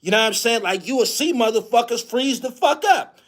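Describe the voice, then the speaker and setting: A man with a very high, animated voice and fairly bright tone hosts his own channel, ranting about sports in a heated, profane, rapid-fire way. He leans on heavy slang and keeps repeating lines.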